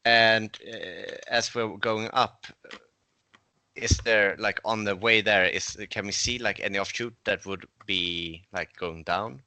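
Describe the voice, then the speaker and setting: Male player, slow speech, hesitant, dry close sound. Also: on the low side, steady tone, sharp tone, clean tone, dry recording. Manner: hesitant, filler-heavy questions. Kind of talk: casual play at a game table.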